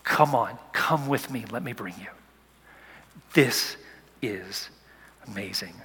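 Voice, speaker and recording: A man preaching a sermon, swinging from soft whispers to loud, urgent calls. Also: mid-range voice, takes it slowly, slightly rough, long reverb tail. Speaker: pastor.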